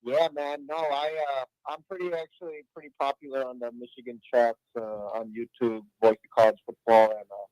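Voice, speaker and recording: A man's voice: mid-range voice, steady tone, a little fast, few pauses, darkish tone, no room sound, rough recording. A man from the greater Chicago area calling into a show, chatting casually and hesitantly with many fillers. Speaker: caller. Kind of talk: casual call-in chat.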